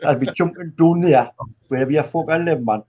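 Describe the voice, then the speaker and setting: A man's voice: on the high side, brisk, muffled recording, a crowd in the background. A man hosting a live football watchalong, chatting casually with friends, joking and swearing. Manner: joking, laughs often, swears. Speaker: host of a football watchalong stream.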